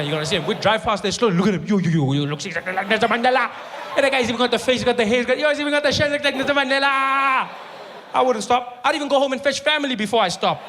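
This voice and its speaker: A middle-aged man with a South African accent doing stand-up comedy, animated and repetitive, jumping into voices and sound effects. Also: high-pitched, a little hiss or hum.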